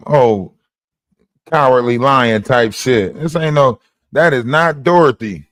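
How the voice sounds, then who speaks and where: A man's voice: mid-range voice, slow, fairly bright tone, no room sound, studio quality. A man hosting a livestream, ranting in a mocking, profane way and repeating lines for emphasis. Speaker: livestream host. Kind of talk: heated livestream rant.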